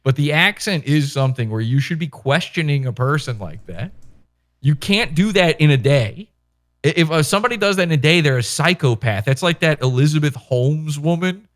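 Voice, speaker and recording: A man hosting a podcast, chatting in a rambling, animated way and swearing casually into a microphone. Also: on the high side, moderate pace. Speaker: podcast host. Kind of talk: casual commentary chat. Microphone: microphone with headphones.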